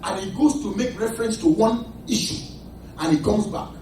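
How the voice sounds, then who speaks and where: A man with a Nigerian accent preaching a sermon, animated, shouting and laughing, calling to his congregation for answers. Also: sits high, moderate pace, slight background noise. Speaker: pastor. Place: church. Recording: echoey church hall, mic at a distance, congregation audible. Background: responding congregation.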